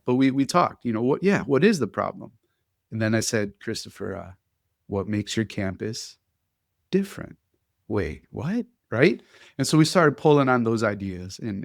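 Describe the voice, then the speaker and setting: A man hosting a podcast interview in a casual, lively way, often laughing as he tells stories. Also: medium pitch, no echo, clean studio sound. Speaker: podcast host.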